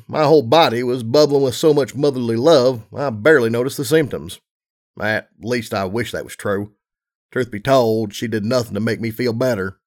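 A man reading a story aloud, narrating in a steady, even storytelling manner. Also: medium pitch. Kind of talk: audiobook reading of fan fiction.

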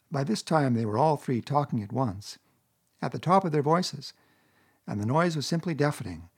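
A man narrating a classic children's story aloud in a steady reading voice. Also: mid-range voice, normal speed, slightly rough.

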